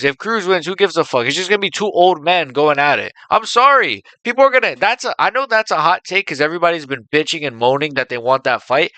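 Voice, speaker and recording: Bright-voiced young man ranting about fights. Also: on the high side, no echo, poor audio. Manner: animated, ranting, swears freely. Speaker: MMA reaction channel host. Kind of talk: casual reaction commentary.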